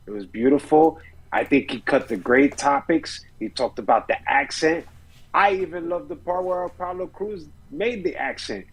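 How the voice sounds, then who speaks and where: A man with a husky voice co-hosting a wrestling podcast. He rambles with enthusiasm, swears casually, and sounds slightly distant over an online call. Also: mid-range voice. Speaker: podcast co-host. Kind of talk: casual wrestling review chat.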